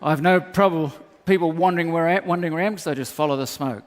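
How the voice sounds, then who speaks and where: A man's voice: on the high side, racing. A man preaching a sermon, telling comic stories and acting out the voices in them. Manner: animated, acts out voices in his stories. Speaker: pastor. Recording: long hall reverb.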